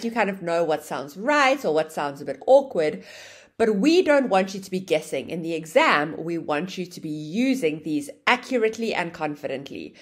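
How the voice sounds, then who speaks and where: A woman teaching an online English grammar lesson, explaining with a lively, sing-song intonation. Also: medium pitch.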